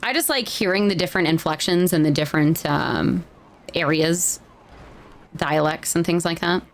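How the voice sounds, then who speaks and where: A woman's voice: low-pitched, moderate pace, gravelly. A woman in role-play as a town mayor, chatting and laughing easily, then addressing a town hall.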